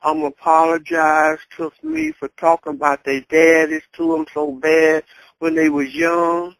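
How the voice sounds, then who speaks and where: Older woman, plainspoken storyteller, gravelly voice, chuckles through it. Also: low voice, lively intonation, unhurried, dry recording, rough recording. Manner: blunt, candid, chuckling as she talks. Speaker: interviewee. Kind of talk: casual storytelling.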